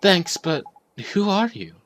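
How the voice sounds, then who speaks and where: A man's voice: sits high, very animated, slow, fairly bright tone, a little hiss or hum, voice pushed up, heavily acted. A man voicing an earnest, polite young boy hero, reading game dialogue aloud with eager questions.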